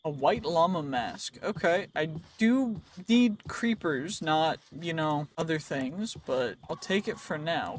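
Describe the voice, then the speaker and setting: A man with a high voice gives loose, rambling gameplay commentary, joking around and chatting to characters on screen. His voice sounds worn and tired, and there is a faint hiss behind him. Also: expressive, a little slow, hardly any pauses. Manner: rambling, playful, talks to game characters. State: voice wearing out. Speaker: gaming video creator.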